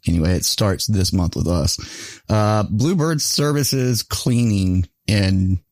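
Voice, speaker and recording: A man's voice: on the low side, lively intonation, slow pace, a little mellow, dry recording, studio quality. A man hosting a podcast in loose, profane casual chat, laughing often between his words. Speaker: podcast host.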